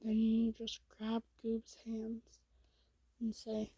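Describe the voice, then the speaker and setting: A woman tells a story in a whispered role-play, her voice breathy and hushed. She speaks slowly in a dark, mellow tone that stays flat and even. The sound is close and dry. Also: a little high, no echo, low-quality recording. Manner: soft, hushed and slow, with small slips.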